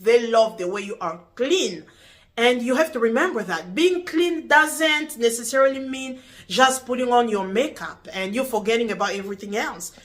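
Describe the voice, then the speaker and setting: A woman in middle age records a casual talk to camera. Her voice sits a touch high and sounds bright and clear. She talks earnestly and repeats herself while she puzzles things out. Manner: earnest, repetitive, puzzled questioning. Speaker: vlogger. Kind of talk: casual talking-to-camera vlog.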